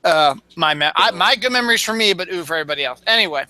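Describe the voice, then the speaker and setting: A man's voice: sits high, animated, very fast, bright, forceful tone, dry recording. A man co-hosting a casual podcast, laughing often as he jokes. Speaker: co-host.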